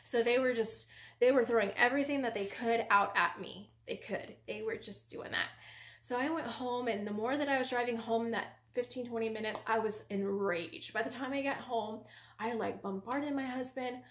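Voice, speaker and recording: A woman giving a personal faith testimony as a ministry vlogger, in an animated storytelling manner full of casual fillers. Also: on the high side, moderate pace. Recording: roomy echo.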